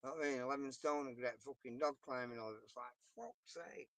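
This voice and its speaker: A man's voice: medium pitch, fairly even intonation, very fast, a bit bright, dry recording. A man with a Yorkshire accent chatting casually on a live stream, rambling and swearing as he tells stories. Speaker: livestreamer. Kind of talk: casual chat.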